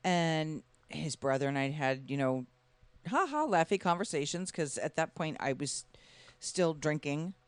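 A woman's voice: deep voice, lively intonation, unhurried, no echo. Lady telling a story in a chat, laughs a lot, dry sound. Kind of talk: casual recovery conversation.

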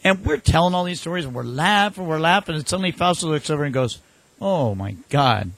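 A man telling animated anecdotes in casual chat, acting out the voices of people in his stories. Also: a little high, fast, slight background noise. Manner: animated anecdotes with acted-out quotes.

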